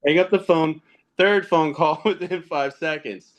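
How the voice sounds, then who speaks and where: A man's voice: a little high, unhurried, dull audio. A man in his thirties, a podcast guest, telling casual stories about fatherhood and gaming, laughing often as he talks. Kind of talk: casual storytelling.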